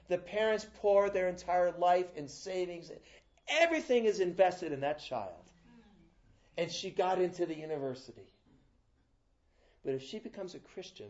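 A man's voice: on the high side, highs cut off. Man preaching with restless, swinging delivery. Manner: storytelling with frequent restarts and a wide swing in loudness. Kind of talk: sermon.

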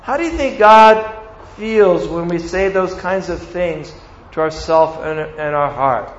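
High-voiced preacher in a roomy hall. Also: male voice, slow, highs cut off, a little hiss or hum. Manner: animated, acts out voices of God and the congregation. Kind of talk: sermon.

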